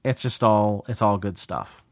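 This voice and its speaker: A man's voice: fairly low pitch, measured pace, a little mellow, dry recording. A man with a mid-range voice co-hosts a podcast, talking in an easygoing, hesitant way with lots of fillers. The sound is dry and close, with no room around it. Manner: laid-back, hesitant with many fillers. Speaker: podcast co-host. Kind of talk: casual chat.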